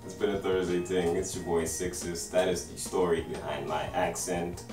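Young man, very deep voice, American-sounding accent, relaxed rambling vlog, roomy echo. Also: normal speed, distant mic, over music. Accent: American-sounding English. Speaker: vlogger. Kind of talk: casual storytelling to camera. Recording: roomy and a bit off-mic.

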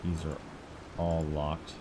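A man narrating his own horror game run in a loose, joking way. He talks to the items he carries and admits how scared he is. His pitch sits in the middle range, with a faint hiss of noise behind him. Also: monotone, takes it slowly. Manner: jokey, talks to objects in the game, easily spooked. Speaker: let's play gamer. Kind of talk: casual horror game commentary.

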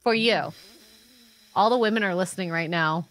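A woman's voice: lowish voice, moderate pace. A woman chatting playfully on a stream and reading donation messages aloud. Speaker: co-host. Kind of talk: casual chat.

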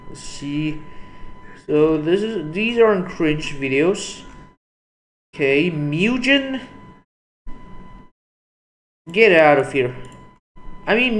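A young man talks over his screen in a loose, rambling way, restarting sentences and putting himself down. His voice sits a little high for a man. A faint hum of background noise runs under his desk mic. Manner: rambling, self-deprecating, restarts a lot. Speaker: YouTuber. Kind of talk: casual screen-recorded commentary.

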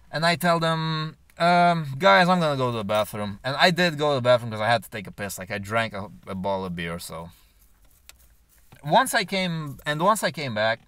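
A man's voice: mid-range voice, bright, forceful tone, clean tone, no echo. A man telling a long personal story in a rambling, profane way, full of filler words. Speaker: vlogger. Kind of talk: casual storytelling monologue.

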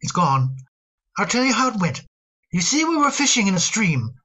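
A woman voicing a gentle, fond middle-aged father in a radio drama, hesitant and given to repeating words. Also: medium pitch, very animated, moderate pace, slightly rough, low-quality recording. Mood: wistful.

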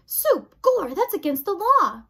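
A woman reading aloud voices a rough-spoken, hard-of-hearing twelve-year-old servant girl who shouts and mangles her grammar. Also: very high voice, big pitch swings, measured pace, pitched above the performer's own voice, heavily acted. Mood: loud earnest. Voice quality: rustic, shouting, dropped grammar.

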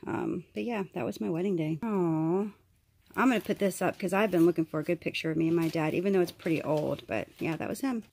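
A woman's voice: low voice, vocal fry, a little hiss or hum. A woman in her thirties from the United States, chatting animatedly to the camera in a casual vlog. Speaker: vlogger.

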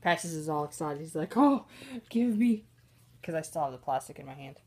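A woman narrating her pets at home while filming on a handheld phone, chatty and giggly, slipping into squeaky voices for the animals. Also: steady tone, quick pace. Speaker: pet vlogger. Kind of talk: casual off-camera narration of pets. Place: indoors at home. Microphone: handheld phone camera.

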